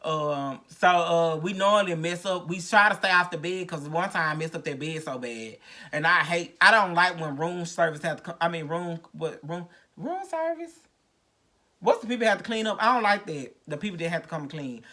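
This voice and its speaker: Bright-voiced woman telling her story frankly. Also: fairly low pitch, fairly quick. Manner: rambling, frank, many restarts. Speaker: podcast host. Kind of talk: candid personal recovery story. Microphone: no podcast mic.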